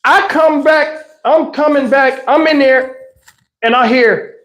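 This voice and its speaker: This host's voice is very high and a little slow as he shares a childhood tale on his livestream through a wireless lapel mic. He's from New Jersey, talks in animated slang, and imitates voices along the way.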